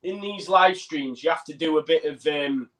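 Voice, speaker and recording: A man's voice: fairly high pitch, moderate pace, fairly bright tone, distant mic. Matey man, a bit off the mic. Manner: matey and laughing, reads messages aloud. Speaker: co-host reading viewer comments. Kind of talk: casual live match chat. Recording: voice heard from off the mic.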